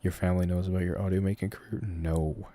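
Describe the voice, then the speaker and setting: Quick-paced and relaxed, this audio creator runs a casual live-stream Q&A from his bedroom. He's a Canadian guy in his twenties with a warm, mellow, deep voice that's soft around the edges, and his meandering replies are packed with fillers and hedges that trail off.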